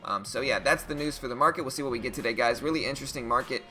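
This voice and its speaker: A man hosting a casual day-trading live stream, reading market news and reacting to stocks in a chatty, animated way. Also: mid-range voice, very fast, soft background music.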